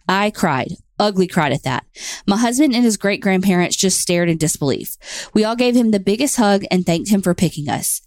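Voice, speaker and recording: A woman co-hosting a podcast, chatting and reading out a listener's story in a plain, steady way. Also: medium pitch, moderate pace, no echo, clean studio sound. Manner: reads letters aloud in a plain, steady way. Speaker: podcast co-host. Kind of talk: casual chat and reading listener stories.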